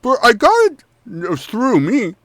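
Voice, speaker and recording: A man's voice: very high-pitched, huge pitch swings, unhurried, a bit bright, no echo, voice pushed up, heavily acted. A man voicing a distracted, chatty candy-apple-headed man who talks as if his mouth is full. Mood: chatty resigned. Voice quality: mushy, as if talking with a full mouth. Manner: rambling, cheerfully resigned.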